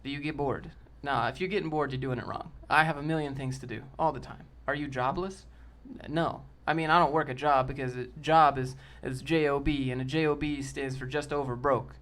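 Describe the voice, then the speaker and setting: A man's voice: medium pitch, steady tone, fairly quick, hardly any pauses, fairly bright tone. A man in casual live-stream chat, answering chat in a blunt, joking, brash way. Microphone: desk mic with a sock over it.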